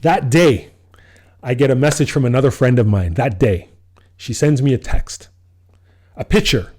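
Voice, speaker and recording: Man with a dark voice telling a story. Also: mid-range voice, normal speed, breathy edge. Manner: animated storyteller, acts out his own quoted lines, laughs often. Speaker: podcast co-host. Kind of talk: casual storytelling chat.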